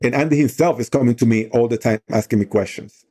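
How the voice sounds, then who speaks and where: A man's voice: medium pitch, quick pace, warm tone. A middle-aged man on a talk show, earnestly telling a story with many "you know" fillers. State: emotional while telling the story. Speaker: guest on a talk show, outdoor program leader. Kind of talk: conversational storytelling.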